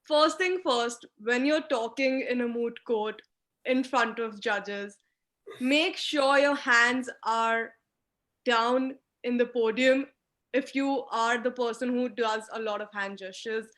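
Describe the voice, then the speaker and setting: A woman's voice: fairly high pitch, slow pace, fairly bright tone. A young woman giving an online lecture on moot court skills over a video call, speaking in an emphatic, instructive way. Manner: emphatic, instructive, talks with hand gestures. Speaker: guest speaker teaching mooting.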